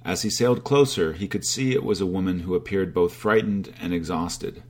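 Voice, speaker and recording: A man narrating a fable in a steady, even-paced reading style. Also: deep voice, normal speed. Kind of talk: storytelling narration.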